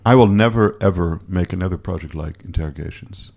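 A man from Canada being interviewed, talking candidly and haltingly, restarting his sentences as he questions himself. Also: low voice, vocal fry, a little mellow. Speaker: photographer guest. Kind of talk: casual interview conversation.

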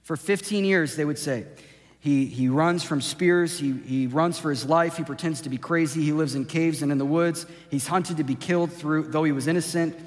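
Preaching pastor in a reverberant hall. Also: male voice, on the high side, brisk, few pauses. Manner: builds to impassioned shouting, then drops to a hushed intimate tone. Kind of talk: sermon. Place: church sanctuary. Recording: long hall reverb with soft music behind.

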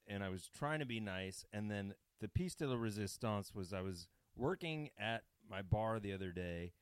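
An American man in a low-ish voice tells comic stories to his co-hosts, swearing freely and getting animated. The sound is dry and close. He slips into silly accents as he goes. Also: clean tone, no echo. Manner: animated, profane, does accents. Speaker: podcast host. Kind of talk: comedic storytelling chat.

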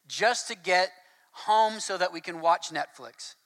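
A man preaching a sermon in a conversational, casual way, mixing scripture reading with relaxed asides. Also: sits high, a little slow.

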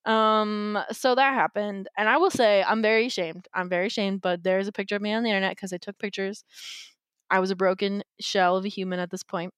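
A woman's voice: medium pitch, steady tone, brisk, fairly bright tone, smooth, no room sound, clean studio sound. A young woman, a podcast guest, telling her story candidly in a wry, chatty way full of likes and ums. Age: young adult.

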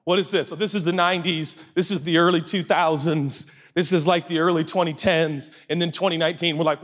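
A male pastor giving a sermon, animated and joking, with rhetorical questions. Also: fairly high pitch, fairly quick.

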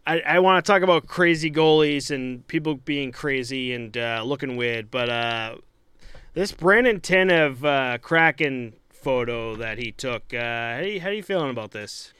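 A young man co-hosting a podcast in casual chat, animated, laughing and swearing often. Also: mid-range voice, measured pace, clear, resonant tone, dry recording. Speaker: podcast co-host.

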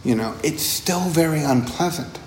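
A man's voice: on the high side, lively intonation, moderate pace. A man, a meditation teacher, giving a casual dharma talk. He talks conversationally, repeats words and chuckles often. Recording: roomy echo, faint background noise.

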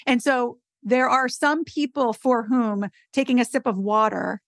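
Animated woman guest, fairly high voice. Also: measured pace, creaky, no room sound, clean studio sound. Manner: animated storyteller, emphatic. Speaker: podcast guest, advocacy expert. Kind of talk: casual podcast conversation.

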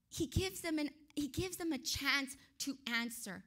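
A woman teaching a Bible study, excitable and emphatic, asking the listeners rhetorical questions. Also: sits high, normal speed, few pauses.

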